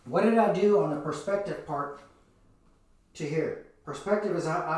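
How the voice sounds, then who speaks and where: A man with a slightly high voice delivers a motivational teaching talk, full of earnest, repeated rhetorical questions. He sounds set back from the microphone, and a strong echo fills the room around him. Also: normal speed, a little mellow. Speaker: motivational speaker. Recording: very echoey room, voice from a distance.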